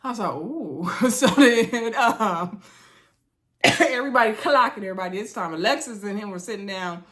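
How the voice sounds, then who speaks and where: A woman's voice: mid-range voice, moderate pace. A woman casually recapping a reality dating show, acting out the cast members' lines and laughing as she talks. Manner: animated, acts out cast members' lines in quotes, laughs often. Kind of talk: casual chat.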